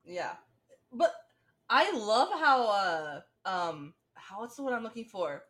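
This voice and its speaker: A woman chatting casually while watching a movie, lively and acting out lines, with casual swearing. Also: mid-range voice, slow. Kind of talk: casual watch-along chat.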